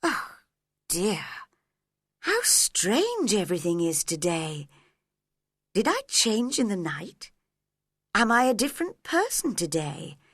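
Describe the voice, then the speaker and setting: A woman voicing a curious young girl in a storybook reading, bright and lightly fretful as she wonders aloud. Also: medium pitch, wildly swooping pitch, slow pace, pauses often, dry recording, clean studio sound, exaggerated voice. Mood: wondering.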